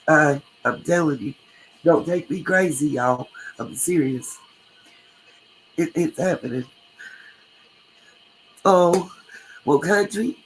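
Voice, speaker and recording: A woman's voice: low-pitched, slight background noise, low-quality recording. Chatty woman livestreaming. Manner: chatty, emotional, thanks viewers by name. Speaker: true crime livestream host. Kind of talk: casual livestream talk, reading chat.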